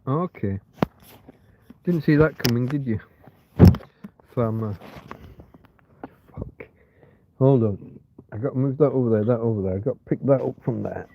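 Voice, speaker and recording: A man's voice: mid-range voice, unhurried, gravelly, pauses often, slight background noise. A man hosting a rambling, casual livestream chat from bed on a cold night, muttering to himself and his viewers. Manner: rambling, muttering, talks softly to his companion at times. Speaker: livestream host. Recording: tinny phone-like livestream audio.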